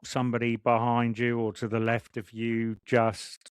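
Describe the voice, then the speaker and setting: Excitable man on a podcast. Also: mid-range voice, measured pace, clear, resonant tone, dry recording, clean studio sound. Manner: excited, rambling storyteller. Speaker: podcast co-host. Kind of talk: casual chat.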